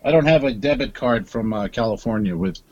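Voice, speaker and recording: A man's voice: on the low side, highs cut off, a loud crowd. A male comedian co-hosting a podcast in casual chat, rambling and restarting his sentences. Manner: rambling, halting delivery with restarts.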